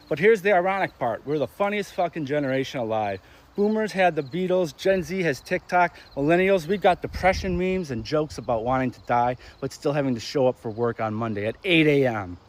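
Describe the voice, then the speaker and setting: A young man with a fairly high voice tears through a crude, sarcastic comedy rant. He sounds exasperated and animated, and his voice jumps up in sudden loud spikes. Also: brisk. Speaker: ranting commentator.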